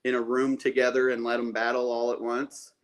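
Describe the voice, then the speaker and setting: A man's voice: mid-range voice, monotone, fairly quick. A man co-hosting a casual podcast, talking in an upbeat, rambling way and repeating words as he plans aloud. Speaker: podcast co-host.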